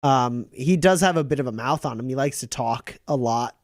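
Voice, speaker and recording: A man running a tabletop game as game master, narrating in a relaxed way with many fillers. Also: mid-range voice, normal speed, no echo, clean studio sound.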